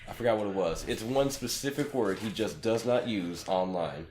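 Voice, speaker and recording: A man's voice: on the low side, moderate pace, darkish tone. A young man co-hosting a casual podcast, rambling with lots of fillers. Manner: rambling, filler-heavy, laughing. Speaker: podcast co-host. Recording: echoey room with faint noise.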